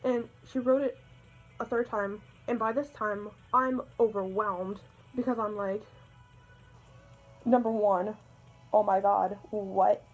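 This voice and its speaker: A young woman vlogger telling a story in an excited, breathless way, full of "like"s. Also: on the high side, slow, long pauses, soft background music, low-quality recording. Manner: excited, breathless retelling with many "like"s. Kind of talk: casual storytime.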